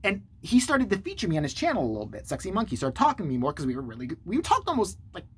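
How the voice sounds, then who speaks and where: A man hosting his own channel, telling a story to the camera in a sarcastic, profane, animated way. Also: sits high, racing, a little hiss or hum. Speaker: channel host.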